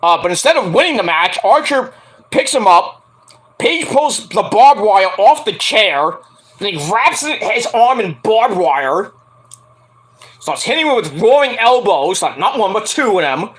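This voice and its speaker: Animated man recapping wrestling. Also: sits high, measured pace, poor audio. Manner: animated, acts out quotes, frequent ums. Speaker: wrestling reviewer. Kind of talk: casual profane recap.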